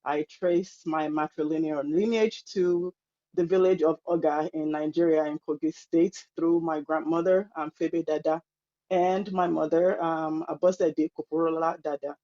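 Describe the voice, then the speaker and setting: A woman co-moderating a webinar panel, introducing herself warmly and enthusiastically. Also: low voice, fairly even intonation, normal speed, dull audio. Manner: warm, enthusiastic. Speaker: co-moderator and doctoral student.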